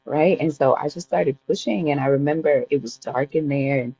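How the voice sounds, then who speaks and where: A woman guest on a podcast, recounting a personal story in an emotional, lively, conversational way. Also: deep voice, moderate pace, dull audio. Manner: vivid, emotional retelling that often laughs and acts out her own past words. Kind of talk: personal storytelling in a casual interview.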